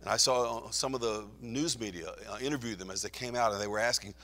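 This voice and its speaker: A man's voice: mid-range voice, fast, few pauses, bright, forceful tone, in a large hall. A man teaching through a Bible passage, reading scripture aloud with rising emphasis. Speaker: preacher.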